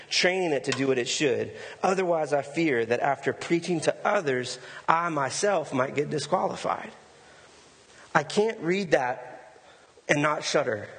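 A man's voice: fairly high pitch, fairly bright tone. A male pastor preaching a sermon in a conversational way, often repeating words for emphasis. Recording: long hall reverb.

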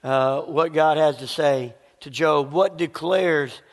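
A man preaching a sermon in a church, talking in a relaxed, conversational way with a throat that is a little scratchy. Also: fairly high pitch, in a large hall. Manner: conversational preaching with a slight rasp, pauses to cough. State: scratchy voice needing a cough drop. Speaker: pastor. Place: church sanctuary with long reverb.

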